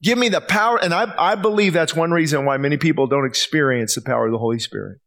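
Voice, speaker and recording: A man preaching a sermon to a congregation, acting out the scripture quotes with lively emphasis. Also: medium pitch, quick pace, vocal fry. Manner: animated, acts out scripture quotes.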